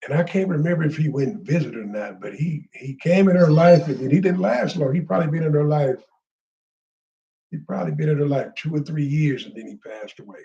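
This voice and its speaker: A man's voice: a little high, brisk, vocal fry, mellow, muffled recording. A man telling a heartfelt personal story in a rambling, casual way, with street slang.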